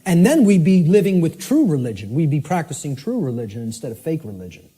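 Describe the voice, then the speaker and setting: Forceful, animated male lecturer. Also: fairly high pitch, fast talker, breathy edge. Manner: forceful, emphatic, repeats okay to check in; spells out words letter by letter.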